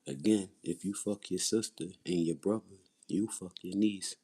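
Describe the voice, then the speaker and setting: On his livestream, a man from Philadelphia delivers raw testimony about his own life. His voice is husky and low, mellow yet intense, moving at a normal speed, and his delivery is blunt, profane, and repetitive.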